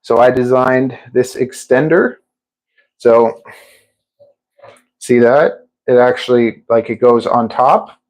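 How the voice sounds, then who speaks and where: Talking slowly and pausing often, this male drone-building streamer keeps up a casual, rambling live-stream chat from home beside a kitchen sink. His pitch is average, he frequently restarts sentences, and he laughs at himself. Audio quality is poor.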